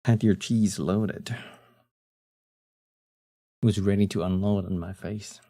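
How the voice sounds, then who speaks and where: A young man chatting casually on a live stream, with a deep, husky morning voice and a laid-back way of talking, often trailing off with fillers. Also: fairly even intonation, takes it slowly, mellow.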